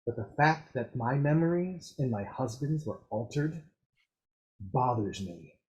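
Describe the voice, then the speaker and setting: Man voicing a grave, quiet wary woman. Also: lively intonation, unhurried, highs cut off, lightly acted. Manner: quiet, low and grim. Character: wary, grave married woman, tavern regular.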